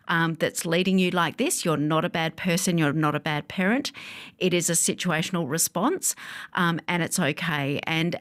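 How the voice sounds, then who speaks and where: A woman, a psychologist speaking calmly and reassuringly in a podcast interview, with frequent fillers. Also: fairly low pitch. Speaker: psychologist guest.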